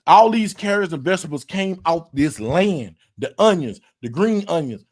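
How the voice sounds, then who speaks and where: A man, hosting a casual podcast and telling an animated story, repeating words and swearing as he acts out quotes. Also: on the high side, normal speed. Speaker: podcast host.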